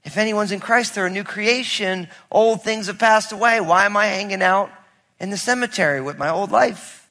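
High, bright-voiced preacher in a hall. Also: male voice, moderate pace. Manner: storytelling, builds to loud emphatic preaching. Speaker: pastor. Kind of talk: sermon. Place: church sanctuary with congregation. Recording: long reverb of a large hall.

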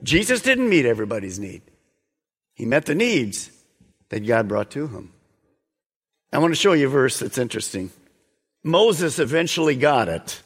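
Exhorting preacher in an echoing hall. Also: male voice, mid-range voice, big pitch swings, normal speed, long pauses, slightly rough. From United States. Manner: earnest, exhorting, with sudden soft drops. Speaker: pastor. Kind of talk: sermon.

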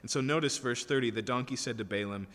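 A male preacher teaches through scripture with emphatic, rhetorical questions and frequent "okay?" checks. His mid-pitched voice carries a long reverb from a large hall. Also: fast, a bit bright. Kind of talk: expository sermon.

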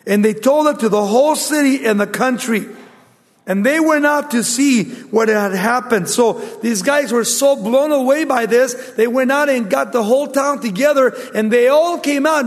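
Preacher, male, high voice, emphatic delivery that drops to a hush, heard in a long-reverb hall. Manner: emphatic, swings from loud to hushed. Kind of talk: sermon.

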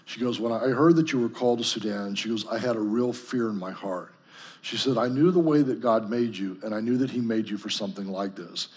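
A man's voice: lowish voice, a little fast, darkish tone, slightly rough. A man preaching earnestly to a group, telling personal stories. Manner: storytelling, earnest. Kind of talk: sermon to a group.

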